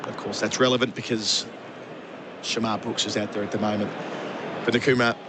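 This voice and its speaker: A man doing ball-by-ball radio cricket commentary, brisk, lifting his voice to call each delivery. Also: fairly low pitch, level tone, background noise.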